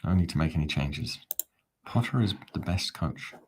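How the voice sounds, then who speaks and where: A man's voice: extremely low pitch, animated, moderate pace, a little mellow, slight background noise. A man hosting a live fan watch-along, talking in a chatty, rambling, self-mocking way. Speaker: fan channel host.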